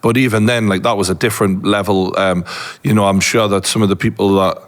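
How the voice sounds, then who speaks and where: A man's voice: lowish voice, fairly even intonation, quick pace. A man hosting a casual interview, joking and asking follow-up questions with surprise. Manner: jokey, reacting with surprise, asks follow-up questions. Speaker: interview host.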